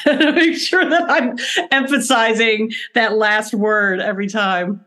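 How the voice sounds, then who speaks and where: A woman hosting a casual podcast conversation, enthusiastic and quick to laugh. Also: fairly high pitch, bright, forceful tone. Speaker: podcast host.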